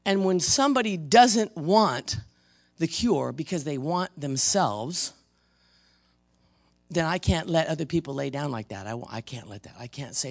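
A pastor preaching a sermon in church to the congregation, emphatic, swinging from loud rebukes to hushed intensity. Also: mid-range voice, lively intonation, measured pace, creaky. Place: church service before a congregation.

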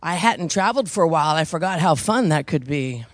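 A woman preaching a sermon, telling a personal story conversationally and rising into loud, emphatic preaching. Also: sits low, lively intonation, brisk, no echo.

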